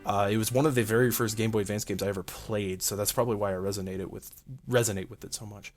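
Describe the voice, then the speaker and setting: A man's voice: fairly low pitch, steady tone, fast talker. A man hosting a video game playthrough, chatting casually and rambling with lots of fillers. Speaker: let's play host. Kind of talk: casual gameplay commentary. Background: game music.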